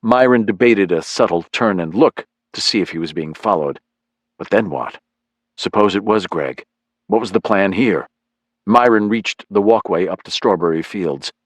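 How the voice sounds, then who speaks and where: A man reading a thriller audiobook in a measured, expressive way. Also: deep voice, no room sound. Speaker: audiobook narrator. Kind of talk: scripted narration.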